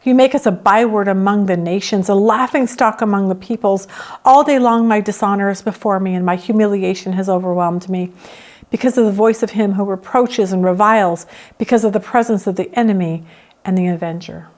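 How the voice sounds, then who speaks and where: A woman leading a Bible study, reading scripture and teaching, who acts out the psalmist's complaints with feeling. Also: brisk. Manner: expressive, acts out the psalmist's complaints with rising pitch.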